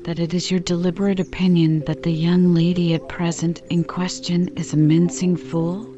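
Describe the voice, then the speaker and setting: A woman's voice: lowish voice, little pitch movement, normal speed, warm tone, lightly acted. A woman reading the part of a brash, blustering male lawyer, pushy and argumentative, in a dull lo-fi recording with music behind.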